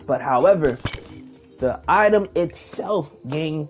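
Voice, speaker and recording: A young man casually telling a long personal story while playing a game, slangy and animated, acting out the people he quotes. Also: on the high side, measured pace, faint music behind. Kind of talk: casual storytime over gameplay.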